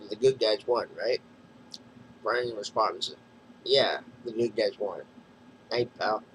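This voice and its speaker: A man with a somewhat low voice walks through a comic issue, reading narration boxes and speech bubbles aloud. He stumbles and restarts now and then. A faint background hum sits under the recording. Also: takes it slowly, a bit bright, low-quality recording. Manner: recounting panels in plain retelling, with mumbled restarts. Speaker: comic book reviewer.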